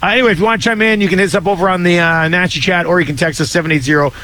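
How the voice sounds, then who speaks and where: A man's voice: high-pitched, fairly even intonation, very fast, pushed and bright, poor audio. A man hosting a casual sports radio show, joking, laughing often and reading out ads and listener texts.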